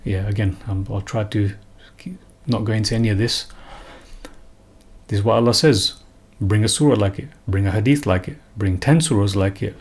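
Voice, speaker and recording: A man's voice: fairly low pitch, normal speed, husky. A man giving an unscripted religious talk, earnest and emphatic, often repeating and restarting phrases. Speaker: religious commentator.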